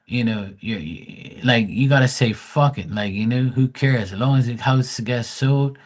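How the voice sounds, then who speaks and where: A man's voice: medium pitch, moderate pace. A man, giving blunt, profane advice on a casual livestream. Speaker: live tarot reader.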